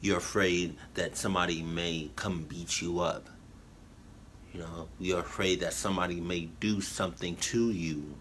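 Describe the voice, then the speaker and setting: A man giving halting, emotional commentary on a reaction video, full of fillers and restarts. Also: deep voice, fairly even intonation, fairly bright tone, slight background noise. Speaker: YouTube reactor. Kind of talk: rambling heartfelt commentary.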